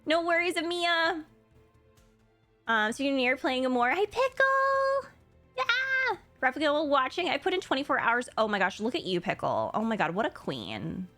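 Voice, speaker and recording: A young woman from Florida, a streamer, chatting with live viewers in a bubbly, gushing way with excited gasps. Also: sits high, normal speed. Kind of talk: casual chat with live viewers. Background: faint game music.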